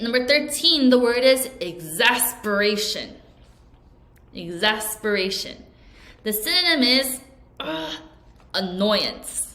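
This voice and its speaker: A woman's voice: mid-range voice, bright, forceful tone, roomy sound. A woman teacher giving an English vocabulary lesson, who explains each word and has learners repeat sentences after her.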